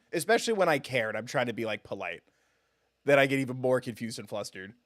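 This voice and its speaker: A man's voice: medium pitch, lively intonation, fairly quick, fairly bright tone, no echo, studio quality. A man streaming a game live, chatting casually with his viewers in a self-deprecating, giggly way.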